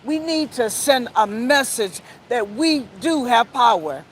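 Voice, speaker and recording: A woman who founded an advocacy group, opening a press conference with a rallying speech that slows down for emphasis. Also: on the high side, expressive, slight background noise, rough recording.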